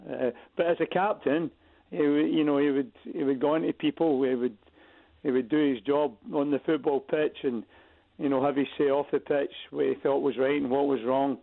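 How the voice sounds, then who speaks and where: A man's voice: medium pitch, steady tone, moderate pace, gravelly. Hesitant man on a phone line. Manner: hesitant, repeats words. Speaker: former footballer. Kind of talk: tribute interview.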